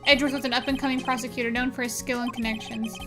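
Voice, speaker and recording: A woman's voice: a little high, fairly even intonation, racing, music in the background, natural voice. A woman voicing a TV news anchor in a game, reading a bulletin in a formal way.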